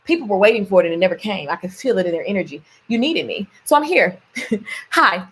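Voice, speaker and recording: A woman vlogs in a casual, playful storytelling style, her mid-range voice expressive, a little fast, fairly bright and edged with breath. She laughs often and slips into voices for quotes, mixing stories with motivational talk.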